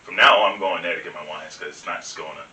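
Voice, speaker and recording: A young man talks quickly with a low, bright voice, telling stories in a relaxed way and laughing often. He sits a little back from the mic in an echoey room. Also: distant mic, a little hiss or hum. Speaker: host. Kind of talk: casual chat over wine.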